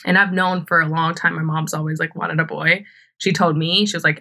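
In a low, gravelly, bright voice with a forceful tone, little pitch movement and a slightly fast pace, a young woman hosts a podcast. She recounts a personal story casually, filler-heavy, laughing often and swearing freely.

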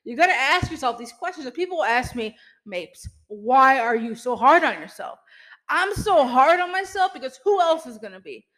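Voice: sits high, sing-song, normal speed, sharp tone, poor audio. A podcast host giving an emphatic motivational pep talk, addressing listeners directly as "y'all" and peppering the talk with "you know" and mild swearing. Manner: speaks straight to listeners as "y'all".

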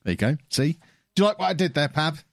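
A man's voice: a little high, lively intonation, fast talker, gravelly, no room sound. A man hosting a gaming podcast, chatting casually with joking, self-deprecating banter. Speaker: podcast host. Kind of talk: casual chat.

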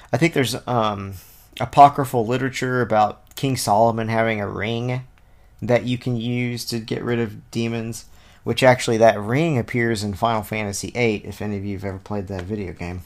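Man teaching scripture in a chatty way. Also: medium pitch. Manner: conversational and digressive, thinking aloud with fillers; reads scripture aloud, then explains it. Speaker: Bible teacher. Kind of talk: informal Bible study teaching.

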